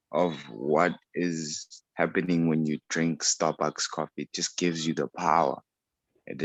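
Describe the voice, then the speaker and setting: Low voiced guy student, dry close sound, thinking it through. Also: no echo. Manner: thoughtful, measured, some repeats. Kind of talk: class discussion answer.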